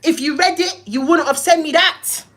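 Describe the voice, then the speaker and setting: A woman's voice: high-pitched, moderate pace, fairly bright tone. A young woman, hosting a livestream and heatedly telling a story, cussing and acting out both sides of phone calls. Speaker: live-stream host.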